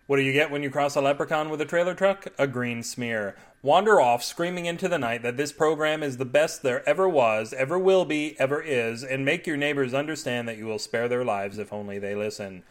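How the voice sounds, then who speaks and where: A man's voice: mid-range voice, a little fast, few pauses. Playful, mock-grand man hosting a podcast. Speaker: podcast host and storyteller. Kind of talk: comic podcast narration.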